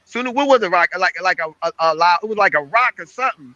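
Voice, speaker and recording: A man co-hosting a casual podcast, telling a gaming story in a lively rush of crude slang and repeated phrases. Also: high voice, fast, muffled recording, a crowd in the background. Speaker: podcast co-host.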